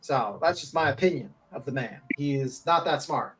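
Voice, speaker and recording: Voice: mid-range voice, expressive, moderate pace. A speaker in a casual panel chat, talking bluntly and opinionatedly, swearing freely and laughing often.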